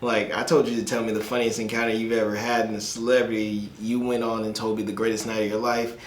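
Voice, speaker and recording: A man's voice: lowish voice, little pitch movement, fast, slight background noise. A male podcast host in casual interview chat, teasing his guest and laughing along. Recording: roomy echo.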